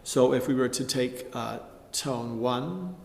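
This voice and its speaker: A man gives a measured spoken tutorial on psalm chanting, occasionally stopping to sing short demonstration phrases. His mid-range voice is gravelly and a little mellow, recorded in a roomy space with long reverb.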